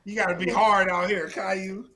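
A man with a bright, forceful voice rants through a loose comedy podcast chat. He swears freely and scolds in mock outrage. There is a faint hiss of noise behind him. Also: high-pitched, little pitch movement, moderate pace. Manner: profane, ranting, mock-scolding. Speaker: podcast co-host.

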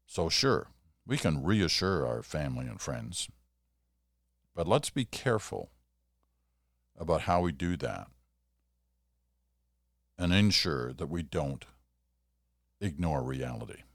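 A man's voice: extremely low pitch, sing-song, slow pace, pauses often, dry recording, clean studio sound. An older man hosting a solo podcast, chatting in a rambling way with self-deprecating asides. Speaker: podcast host. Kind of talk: casual solo podcast monologue.

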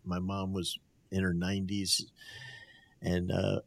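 An older man with a very low, deep voice, from New Jersey, tells coaching stories in a relaxed interview. He acts out the people he quotes and laughs along as he goes. The sound is dry and close, with no room in it. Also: takes it slowly, creaky, dry recording. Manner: animated storyteller who acts out quotes, laughs often. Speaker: guest, basketball coach. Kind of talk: casual storytelling interview.

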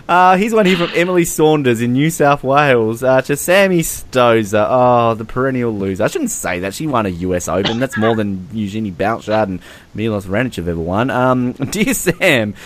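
A man's voice: mid-range voice, animated, moderate pace, slight background noise. A young man co-hosting a casual podcast, laughing often and mocking the fan messages he reads aloud. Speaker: podcast co-host. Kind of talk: casual chat.

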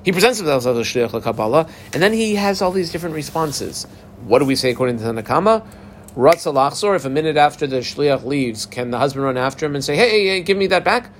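A man teaches a Talmud class in a relaxed, lively way. He breaks into little acted-out voices for the people in the case. His voice sits in a middle pitch, a faint hiss of noise behind it. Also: quick pace. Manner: animated, acts out the parties in a dialogue. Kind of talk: casual Talmud class explanation.

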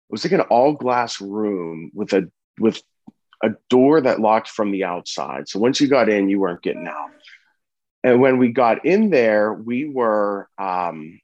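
A man in his thirties telling a personal story with earnest, halting speech full of restarts and fillers. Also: on the low side, a little mellow, no echo, muffled recording. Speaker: interview guest sharing a personal story.

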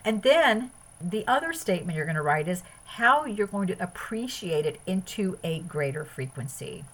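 A woman with a slightly low, husky voice hosts a self-help podcast. She talks earnestly about inner growth and piles up long lists of phrases as she goes. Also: lively intonation, normal speed, rough recording. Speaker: podcast host. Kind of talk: spiritual self-help talk.

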